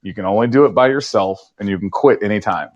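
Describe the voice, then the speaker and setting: A man in his forties, a podcast guest telling stories in a relaxed way and acting out his own past lines with big jumps in pitch. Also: fast talker, dull audio. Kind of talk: conversational storytelling.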